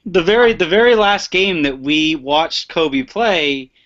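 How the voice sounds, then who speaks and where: A man's voice: a little high, a little slow, a bit bright. Laughing male sports podcast host. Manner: joking, laughs often, stumbles over words. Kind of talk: casual sports chat. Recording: muffled lo-fi online stream.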